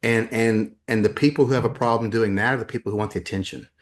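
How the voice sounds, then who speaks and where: A man's voice: fairly low pitch, steady tone, quick pace. A man talking as a guest in a conversational interview, emphatic and often repeating words as he builds his points. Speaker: podcast guest, educator.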